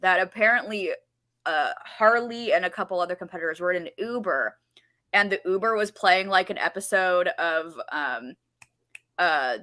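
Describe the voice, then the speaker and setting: A woman co-hosting a podcast, telling stories in casual chat with excited energy. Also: fairly low pitch, normal speed. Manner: excited storytelling, frequent laughs, says freaking. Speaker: podcast co-host.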